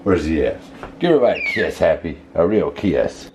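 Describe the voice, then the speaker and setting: A man's voice: low-pitched, very animated, a little fast, very noisy. A man vlogging while bathing his pet monkey, soothing it with cooing baby talk. He narrates casually in a bathroom.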